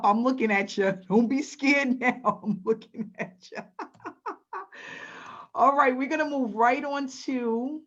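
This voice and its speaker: A woman's voice: medium pitch, fairly bright tone. A woman hosting a sales webinar over a video call, upbeat and chatty, talking straight to the audience. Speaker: webinar host. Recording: dull lo-fi webinar audio.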